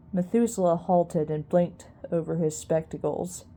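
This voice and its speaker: A woman reading a children's novel aloud at an unhurried pace, with small restarts. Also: fairly low pitch, warm tone. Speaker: reader.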